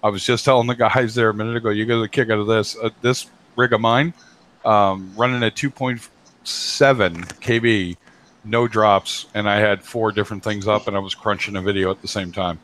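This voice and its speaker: A man with a lowish voice hosts a live stream, chatting casually on a home computer mic at a moderate pace with a steady tone. His sound is a bit bright, with slight background noise, and he's loose and jokey, swearing freely.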